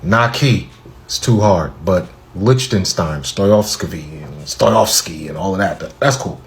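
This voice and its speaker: A man's voice: sits low, a little slow. A man mocking in disbelief as he ranted in a reaction video. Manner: mocking, incredulous.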